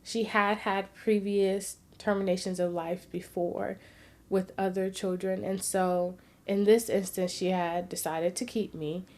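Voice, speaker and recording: A woman vlogger earnestly telling a personal story in a reflective, sometimes soft-spoken way. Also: medium pitch, fairly even intonation, measured pace.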